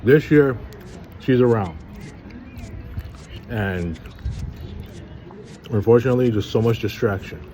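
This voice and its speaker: A man vlogging in a halting, rambling way, sounding weary and frustrated as he talks things through. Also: mid-range voice, mellow, a little hiss or hum. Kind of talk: casual rambling monologue.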